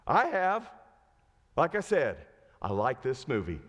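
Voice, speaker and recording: A man preaching a sermon as pastor. He retells a story with lively acted-out lines and asks the congregation direct questions. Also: mid-range voice, slow, in a large hall. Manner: animated storytelling, acting out quoted lines. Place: church sanctuary.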